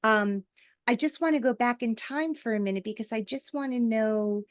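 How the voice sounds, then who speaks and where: A woman with a fairly high voice hosts the interview, enthusiastic and effusive. She leans on fillers and restarts, and the mic sound is dry, with no room around it. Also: normal speed, no room sound. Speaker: podcast host. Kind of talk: podcast interview.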